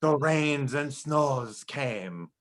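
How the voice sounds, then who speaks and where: A man voicing a dramatic female Hungarian storyteller with a solemn, drawn-out delivery. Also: medium pitch, expressive. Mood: mock-solemn.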